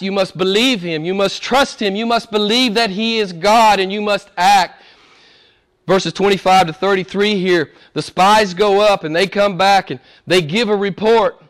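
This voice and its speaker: A man preaching a sermon as pastor, swinging from loud declarations to hushed near-whispers and repeating phrases for emphasis. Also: high-pitched, normal speed.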